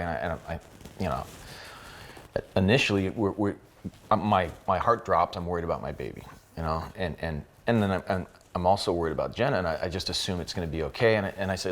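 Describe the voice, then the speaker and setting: A man, a company co-founder, telling a personal family story in an interview, halting and repeating words as he goes. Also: low-pitched.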